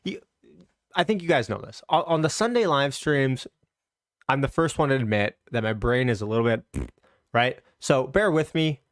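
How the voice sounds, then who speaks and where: A man's voice: medium pitch, expressive, moderate pace, no echo, clean studio sound. A man hosting a casual stock market livestream, upbeat and chatty, greeting viewers from the chat with loose restarts.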